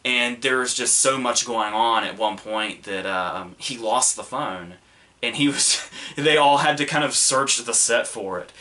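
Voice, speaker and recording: A man's voice: mid-range voice, a little slow, pushed and bright. A young man hosting a podcast, reviewing films in a rambling, casual way with lots of fillers and restarts. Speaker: podcast host.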